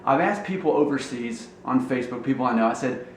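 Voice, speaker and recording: A man's voice: mid-range voice, a little fast. A man from Alabama musing casually to camera as a blogger, rambling and thinking aloud with fillers. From Alabama, USA. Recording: roomy echo, faint noise.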